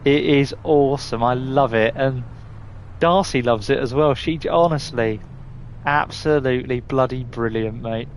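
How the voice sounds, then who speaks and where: A man talks slowly and casually as he streams a driving game, rambling and restarting his sentences with the odd mild curse. A faint hum sits under his voice. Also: mid-range voice. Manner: chatty, rambling, stumbling restarts, mild swearing. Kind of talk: casual live gameplay chat.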